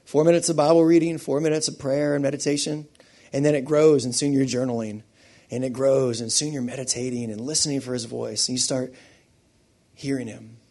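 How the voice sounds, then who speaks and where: A man preaching a sermon to a church congregation, swinging from hushed, quiet stretches to loud, fervent peaks. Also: mid-range voice, steady tone, a little fast. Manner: impassioned, building from hushed to loud. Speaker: pastor.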